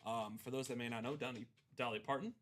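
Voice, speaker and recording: A man's voice: mid-range voice, fast. A young man in his twenties co-hosting a live sports card break, chatting casually and telling stories with voiced quotes. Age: 20s. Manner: animated storytelling with voiced quotes. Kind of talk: casual chat.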